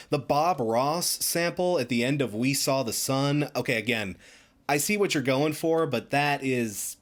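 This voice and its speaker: A man giving a casual, chatty album review with emphatic asides. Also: mid-range voice. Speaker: music reviewer.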